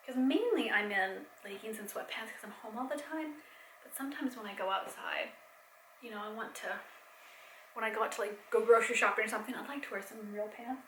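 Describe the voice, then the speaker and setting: A young adult woman chatting casually in a home vlog, rambling with fillers and soft laughs, a bit tired. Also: medium pitch, fairly quick, echoey room, slight background noise, poor audio. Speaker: vlogger and mom. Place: home, indoors.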